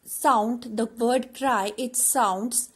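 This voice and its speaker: A woman teacher, slowly explaining a classroom activity with many fillers and repeated words. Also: on the high side, fairly even intonation, a bit bright, slightly rough.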